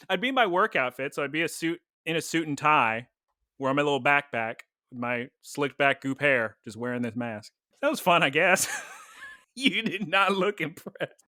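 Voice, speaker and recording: This podcast co-host is a young man whose slightly high voice comes across bright, forceful and expressive at a moderate pace. The studio recording is dry and clean, and he rambles through stories in casual chat, laughing often.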